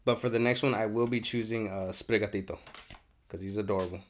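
A young man hosting a card unboxing, chatting casually with lots of swearing and bursts of excitement, congested and sniffly. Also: lowish voice, fast, a little hiss or hum. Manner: profane, excitable, rambling. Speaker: card unboxing channel host.

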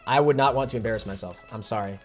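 A man's voice: fairly low pitch, faint music behind. A young man chatting casually on his gaming live stream, reading out viewer messages. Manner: fast, chatty, reads viewer messages aloud.

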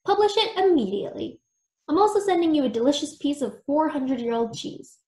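A woman's voice: high-pitched, animated, brisk, darkish tone, pitched above the performer's own voice. A woman voicing an eccentric female mouse author who writes a gushing, bossy note, in a storybook reading. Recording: echoey room.

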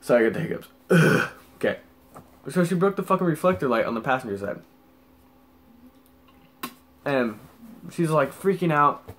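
A man's voice: fairly high pitch, lively intonation, moderate pace, pauses often, a bit bright. A young man telling a story in a rambling, casual way, swearing heavily and filling gaps with "like". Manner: rambling, heavy swearing, lots of fillers. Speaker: vlogger.

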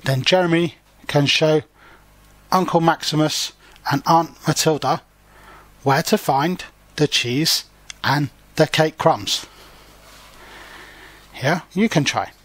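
A man reads a children's story aloud, stopping to explain the pictures and words in simple terms. He speaks very slowly in a slightly high voice, and the recording is close and dry. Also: fairly bright tone, no room sound. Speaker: storybook reader and language teacher. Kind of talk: reading a picture book aloud with explanations for learners.

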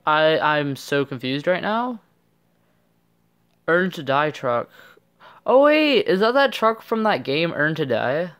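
A man giving casual, excitable gameplay commentary with playful trash talk. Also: on the high side, slow, clean tone. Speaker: gaming channel host.

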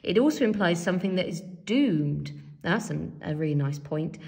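A woman leads an English revision tutorial, talking her students through her notes as she writes. Her voice sits low and mellow, with a gravelly fry, and she thinks aloud with plenty of ums as she reads from a help sheet. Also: expressive, normal speed. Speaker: English teacher. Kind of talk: revision tutorial while writing.

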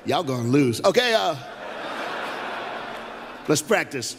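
A man from Tennessee with a Southern accent, preaching an energetic conference sermon with jokes and call-and-response. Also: mid-range voice, measured pace, pauses often, a crowd in the background. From Knoxville, Tennessee. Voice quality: animated, joking, call-and-response. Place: large conference hall. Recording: live hall with long reverb and faint music.

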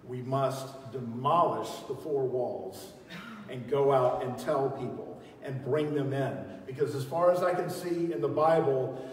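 Preacher booming through an echoey hall. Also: male voice, unhurried, far from the mic. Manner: emphatic preaching, swinging from loud calls to quiet teaching; leads the congregation in call-and-response. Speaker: pastor. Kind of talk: sermon. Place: large church hall.

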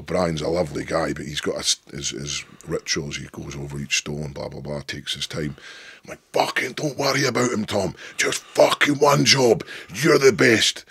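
A Scottish man in his thirties with a deep voice, a guest telling stories in a rambling, sweary, emphatic way. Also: vocal fry, a bit bright, husky, no echo, studio quality. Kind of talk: casual interview chat.

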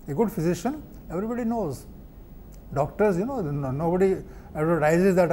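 A man giving a literature lecture, explaining slowly with many fillers and restarts. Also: high voice, warm tone, slight background noise. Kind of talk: academic lecture.

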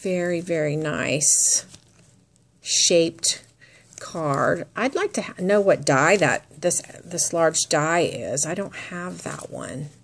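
A woman's voice: low-pitched, lively intonation, slow pace. A woman crafting vlogger chatting casually as she shows off handmade gifts, gushing and admiring as she goes. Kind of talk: casual unboxing chat.

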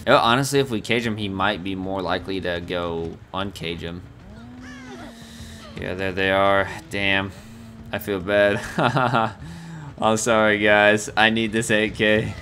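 A man giving live commentary on his own gameplay, excitable and talking to himself as he plays. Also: fairly low pitch, measured pace, background noise. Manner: excitable, talks to himself while playing. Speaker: gaming streamer. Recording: game music loud behind.

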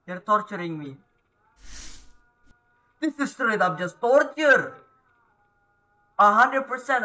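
A man doing horror let's-play commentary, jumpy, yelling and pleading at the ghost on screen. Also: sits high. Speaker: gaming YouTuber.

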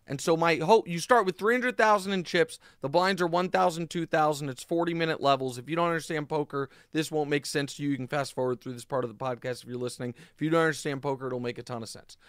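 A man hosting his own podcast, telling a story in a casual, animated monologue full of fillers and asides. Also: on the high side, smooth, no room sound, clean studio sound. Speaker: podcast host.

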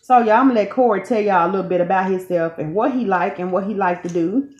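A woman in her thirties chats to her viewers as she hosts a relaxed eating video, folksy and easygoing. Her voice rings around an echoey room. The sound is a little dull and lo-fi. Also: medium pitch, quick pace. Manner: chatty, folksy, keeps calling viewers "y'all". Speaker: channel host, mother. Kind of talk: casual mukbang chat to viewers.

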